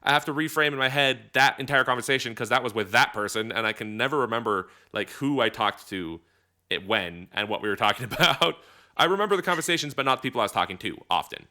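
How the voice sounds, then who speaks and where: A man's voice: mid-range voice, lively intonation, quick pace, sharp tone. A man co-hosting a casual podcast chat, rambling and correcting himself as he goes, laughing often. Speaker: podcast co-host.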